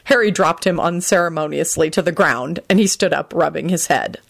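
A woman narrating a fan-fiction story aloud with expressive storytelling. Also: low voice, brisk, vocal fry. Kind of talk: fan-fiction audiobook reading.

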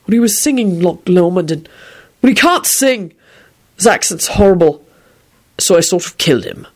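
A woman's voice: lowish voice, lively intonation, normal speed. A woman voicing a cheerful, self-righteous man with a violent streak who talks matter-of-factly. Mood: blithe. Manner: casual and matter-of-fact.

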